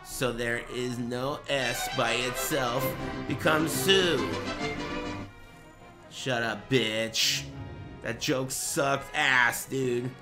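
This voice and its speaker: A man's voice: medium pitch, fairly even intonation, extremely slow, over loud music. A man streaming a casual reaction chat, brash and profane, trash-talking his viewers.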